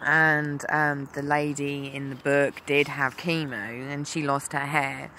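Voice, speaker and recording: A woman's voice: low voice, level tone, takes it slowly, pushed and bright, a little hiss or hum. A woman from England telling her own story as a mother, candid and full of ums. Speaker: mother sharing her cancer experience. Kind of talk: personal talk to camera.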